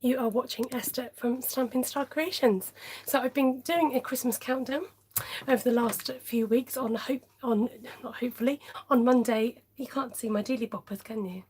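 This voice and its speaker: A woman's voice: fairly high pitch, fairly even intonation, normal speed, darkish tone, a little hiss or hum. A woman hosting a live papercraft tutorial in a friendly, chatty way, greeting viewers by name and laughing often.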